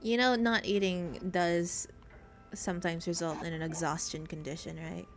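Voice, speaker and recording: Emphatic low-voiced woman explaining rules. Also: steady tone, moderate pace, music in the background. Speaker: player. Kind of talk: casual chat among tabletop players.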